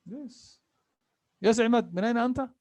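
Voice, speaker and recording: A man teaching an Arabic class, repeating phrases slowly and patiently for his students. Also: very high voice, darkish tone, no room sound. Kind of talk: online language class.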